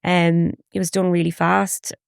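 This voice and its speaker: A woman, a podcast guest telling a personal story in a halting, emotional way with frequent restarts. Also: lowish voice, flat delivery, creaky, clear, resonant tone, dry recording, clean studio sound.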